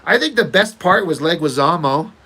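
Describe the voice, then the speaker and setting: A man's voice: a little high, expressive, normal speed, bright, forceful tone, breathy edge. A man chatting casually while he draws, ranting and opinionated, swearing freely and trailing off into fillers. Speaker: artist working on a comic page. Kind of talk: casual rambling chat while drawing.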